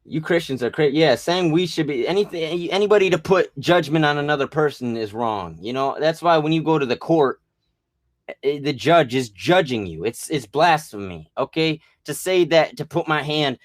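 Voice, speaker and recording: A man's voice: a little high, animated, moderate pace, no echo, clean studio sound. A man delivering a rambling, agitated rant full of profanity and restarts. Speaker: vlogger.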